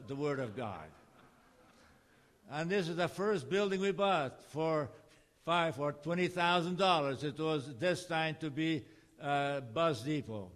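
A man's voice: fairly high pitch, a bit bright. An older man from Canada, a missionary speaker giving a personal testimony over photo slides and acting out the dialogue as he tells it. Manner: plain storytelling with acted-out dialogue.

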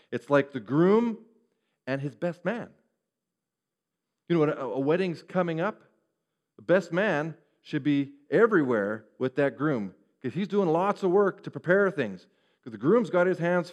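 A man preaching a sermon, animated and acting out the voices of the people he quotes. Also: fairly high pitch, dull audio. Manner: animated, acts out quoted speech. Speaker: pastor. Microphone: referring to a screen, preaching to a congregation.

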